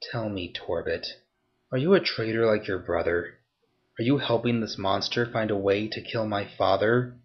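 A ruthless young woman interrogates quietly, her voice low, soft and steady with menace, as a male narrator puts her on. The audio is slightly dull and muffled. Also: moderate pace, natural voice. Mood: menacing.

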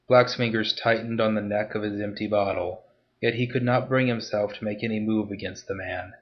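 A man giving a steady, scripted narration of a story. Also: lowish voice, moderate pace, dull audio.

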